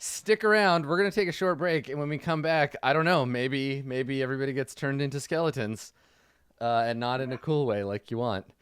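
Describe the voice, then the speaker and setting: A man narrating as game master of a tabletop game, casual and relaxed, laughing easily. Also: medium pitch, brisk, clean tone, no room sound, studio quality.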